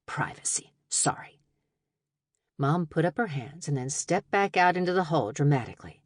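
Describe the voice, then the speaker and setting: A woman narrating a first-person audiobook in an expressive, wry storytelling manner. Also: deep voice, brisk, dry recording. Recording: dry studio narration.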